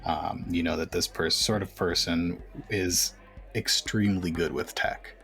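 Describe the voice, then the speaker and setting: Deep gravelly guy running a tabletop game, laid back narrating. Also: a little slow. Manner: relaxed, conversational. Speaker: game master.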